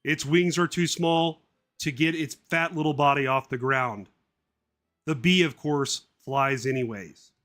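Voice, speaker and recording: A man's voice: fairly high pitch, unhurried, fairly bright tone. A man streaming live, reading a script aloud and grumbling sarcastically between lines, swearing casually.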